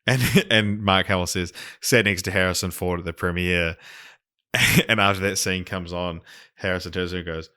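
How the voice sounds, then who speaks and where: A man's voice: low voice, steady tone, moderate pace, sharp tone. A man co-hosting a podcast in casual chat, rambling and swearing, with many fillers and restarts. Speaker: podcast co-host.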